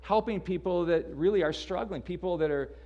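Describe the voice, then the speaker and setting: A man's voice: high-pitched, fairly quick, a little mellow, highs cut off. A man preaching a sermon in a casual, conversational way, often repeating words as he restarts. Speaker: pastor.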